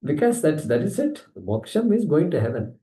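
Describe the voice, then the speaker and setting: Indian-accented male scripture teacher, conversational and animated, mellow voice, reverberant hall sound. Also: on the high side, normal speed. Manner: animated, conversational, acts out objections. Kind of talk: scripture class lecture.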